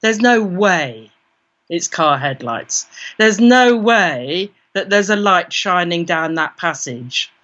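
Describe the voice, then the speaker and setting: A British woman, a parapsychologist appearing as an interview guest, tells a vivid first-person story and acts out her own inner voice. Her voice sits on the low side and is a bit bright, with lively intonation and an unhurried delivery. The dull, lo-fi recording captures her British English accent.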